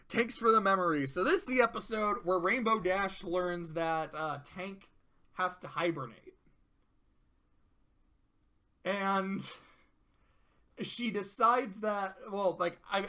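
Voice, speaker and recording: A male show reviewer gives casual tier-list commentary in a high, bright voice, animated and profane, slipping into quick character voices.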